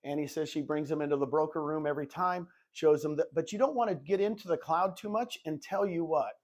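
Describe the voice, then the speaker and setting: Older man in his sixties, lively jokey storyteller, slightly high voice, acts out dialogue. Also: fairly quick. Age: 60s. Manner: jokey self-described goofball. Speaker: real estate recruiter and coach. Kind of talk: live presentation to agents.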